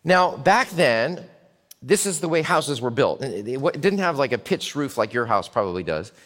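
A man preaching a storytelling sermon in a church. He is animated and dramatic and swings from hushed to loud. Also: mid-range voice, normal speed. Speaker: pastor. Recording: long hall reverb.

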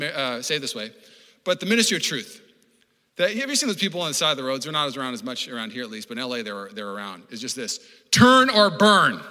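A male pastor delivers a lively sermon at a quick clip, his voice forceful and somewhat high. He talks conversationally, stumbling and restarting, and acts out the people he quotes. The church room adds a long trailing reverb. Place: church auditorium.

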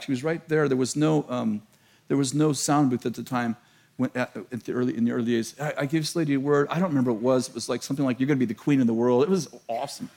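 A middle-aged man preaching a sermon, telling a story in an animated, self-mocking way and laughing often. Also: mid-range voice, gravelly.

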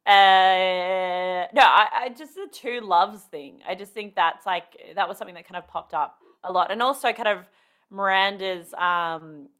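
A woman's voice: mid-range voice, unhurried, fairly bright tone. A woman around thirty, co-hosting a podcast and thinking aloud with hedges and fillers. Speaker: podcast co-host. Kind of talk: casual chat.

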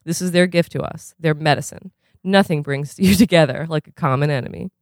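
A reader voicing a brooding, philosophical teenage boy at a tennis academy, in a musing, drawn-out way. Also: mid-range voice, no echo, clean studio sound, close to an everyday voice.

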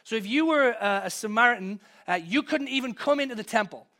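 Bright, high-voiced storytelling preacher. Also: male voice, expressive, a little fast. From from outside the US. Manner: storytelling, conversational, builds to emphatic peaks. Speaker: pastor. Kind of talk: sermon.

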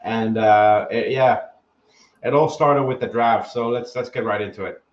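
A man's voice: medium pitch, fairly even intonation, measured pace. A man talks through sports analysis, reasoning point by point and repeating himself as he thinks. His voice comes through muffled and lo-fi, with a noticeable room echo. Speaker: podcast co-host. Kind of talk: casual sports podcast analysis.

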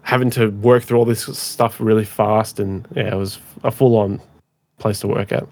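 A man's voice: on the low side, fairly even intonation, moderate pace, a little mellow. A man co-hosting a podcast over a call, chatting casually and rambling with lots of "like". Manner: rambling, heavy use of "like". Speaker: podcast co-host. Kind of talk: casual chat. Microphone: remote call mic.

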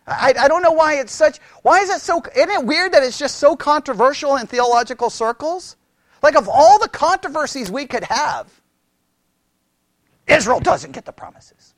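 Animated, high-voiced Bible teacher. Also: moderate pace, no echo, clean studio sound. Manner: animated, exasperated, mocks opponents in raised voices. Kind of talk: conversational sermon.

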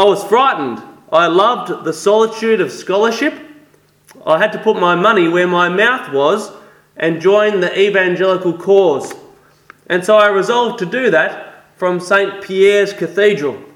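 An Australian man plays a shy, scholarly reformer from the 1500s who prefers a quiet library, talking earnestly in a high voice. The sound carries a roomy echo. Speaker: costumed historical guest. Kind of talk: in-character interview.

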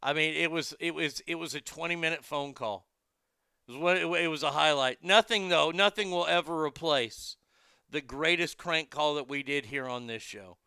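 A man in his fifties hosting a show, chatting casually and bluntly, telling animated stories and acting out callers' voices. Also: on the high side, normal speed, creaky, clear, resonant tone, no echo, studio quality. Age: 50s. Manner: blunt and profane. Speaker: show host. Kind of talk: casual chat reading viewer comments.

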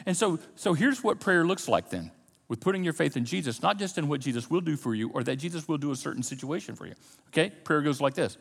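A male pastor delivers a sermon in a high, gravelly voice. He talks to his congregation conversationally, repeating himself and tossing in asides. The sound rings with the long reverb of a large hall. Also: expressive, fast. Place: church sanctuary.

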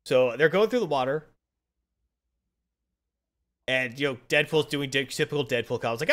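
A man's voice: medium pitch, lively intonation, normal speed, pauses often, fairly bright tone. A man in casual chat, rambling through a story recap with lots of fillers.

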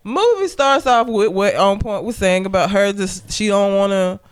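A woman's voice: medium pitch, normal speed, clear, resonant tone. A woman co-hosting a casual podcast, recapping a movie plot in a blunt, profane, joking way. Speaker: podcast co-host.

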